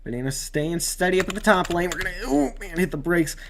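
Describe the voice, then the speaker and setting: A man's voice: high voice, lively intonation, fast, crowd noise. A man casually commenting while racing in a video game, rambling with fillers and bursting out at near-crashes. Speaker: gamer doing race commentary.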